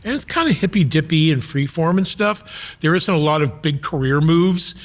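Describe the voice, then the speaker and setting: An American man from the Bay Area, a comedian guest telling animated anecdotes in casual chat and acting out the voices. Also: a little high, moderate pace. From San Francisco Bay Area. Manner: animated storyteller, acts out voices.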